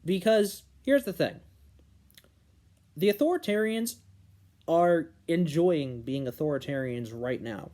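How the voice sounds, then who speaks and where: A young man from New Hampshire delivers a casual opinion monologue on current politics. His voice sits a little high but sounds mellow and soft-edged. He slows down and punches individual words when he wants a point to land. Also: lively intonation. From New Hampshire, USA. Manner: earnest, emphatic on key words, slows down to stress points. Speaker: political commentary vlogger.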